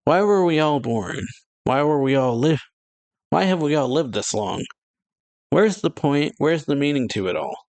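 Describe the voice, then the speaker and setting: A man's voice: medium pitch, lively intonation, moderate pace, dry recording, close to an everyday voice. A man voicing a cocky, mocking young male vampire while reading a manga aloud. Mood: taunting.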